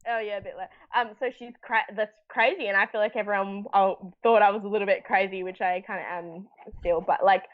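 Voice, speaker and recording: A woman's voice: medium pitch, fairly even intonation, a little fast, few pauses. A young woman, telling a story in casual chat, acting out voices and laughing often. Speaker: actor guest. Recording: muffled lo-fi sound.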